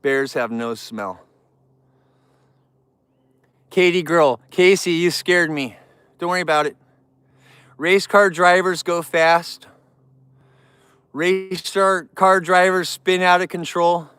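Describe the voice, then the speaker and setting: A man hosting a casual live stream among bears, talking in a relaxed, rambling way and thanking viewers in chat. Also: slow pace, long pauses, clear, resonant tone, no echo. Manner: cooing baby talk to the bears, squealing high. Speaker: livestream host with bears.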